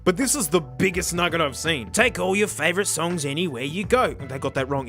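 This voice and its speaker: Aussie guy roasting some gadget he's unboxing, high bright voice, music under it. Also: brisk. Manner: sarcastic, animated, bursts into shouts and laughs. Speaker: tech reviewer. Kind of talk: comedic unboxing review.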